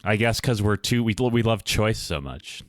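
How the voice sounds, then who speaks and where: A man's voice: on the low side, lively intonation, moderate pace, dry recording, clean studio sound. A man from the United States co-hosting a casual podcast chat, with a wry, sarcastic manner. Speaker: podcast co-host.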